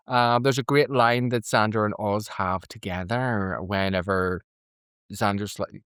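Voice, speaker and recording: A man's voice: on the low side, fairly even intonation, slow, a bit bright, clear, resonant tone, no room sound, studio quality. A man co-hosting a podcast, giggling and gushing as he recaps scenes. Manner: giggly, enthusiastic, acts out quotes. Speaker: podcast co-host. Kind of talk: casual recap chat.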